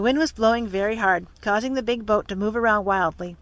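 Casting: calm, even storybook reader for a children's chapter book. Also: mid-range voice, fast talker, hardly any pauses, dry recording. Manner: steady, even-paced reading. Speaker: narrator. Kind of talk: storybook reading aloud.

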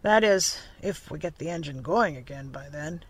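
A reader voicing a big, red-bearded ship captain who gives blunt, matter-of-fact orders, in a storybook reading. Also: male voice, a little high, expressive, moderate pace, fairly bright tone, slightly rough, no echo, pitched below the performer's own voice.

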